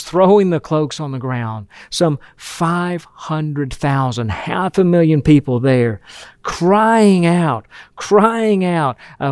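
A man's voice: mid-range voice, a little mellow, dry recording. Earnest emphatic male preacher, dry sound. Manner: earnest, emphatic, with frequent restarts and repeated words. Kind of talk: sermon.

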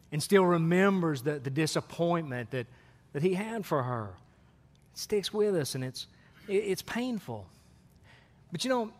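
A man's voice: fairly high pitch, a bit bright. A man, preaching a sermon in a folksy, storytelling way with asides to the congregation. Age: 40s. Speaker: pastor. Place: church sanctuary. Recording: sermon in a hall with long reverb.

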